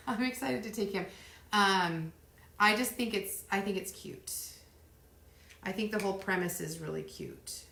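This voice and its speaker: Chatty middle-aged woman with vocal fry. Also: mid-range voice, big pitch swings, measured pace, long pauses. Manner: chatty and rambling, counting softly under her breath. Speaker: craft livestream host. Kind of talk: casual live chat while crafting. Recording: roomy echo.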